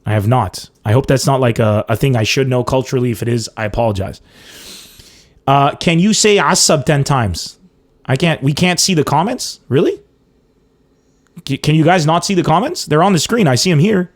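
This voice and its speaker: A man hosting a casual live-streamed comedy podcast, chatting excitably, laughing often and reading viewer comments aloud. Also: medium pitch, normal speed. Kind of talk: casual livestream chat with callers and chat.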